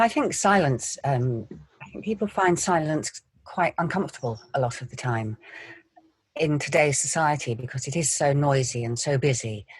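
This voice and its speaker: A woman, an actor, telling stories in a quiet, measured way in an interview. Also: rumbling low, slightly rough, no room sound. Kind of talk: interview answers.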